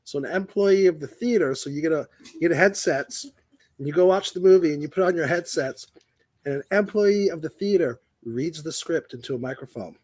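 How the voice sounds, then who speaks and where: A man's voice: fairly high pitch, a little fast, darkish tone, no echo. A middle-aged man co-hosting a podcast, telling anecdotes in a self-mocking, casual way. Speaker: podcast co-host. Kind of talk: casual storytelling chat.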